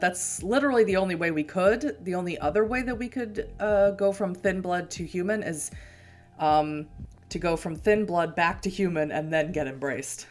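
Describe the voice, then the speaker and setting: Low-voiced woman streamer chatting. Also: expressive, moderate pace, soft background music. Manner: chatty, laughing, rambling explanations. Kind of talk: casual game-stream commentary.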